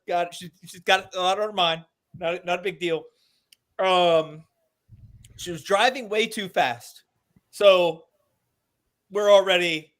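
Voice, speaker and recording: A man from Alabama with a Southern accent, co-hosting a casual veterans' podcast, riffing sarcastically and swearing freely. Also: high-pitched. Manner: sarcastic, swearing, animated mock outrage. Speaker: podcast co-host. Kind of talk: casual comedic chat.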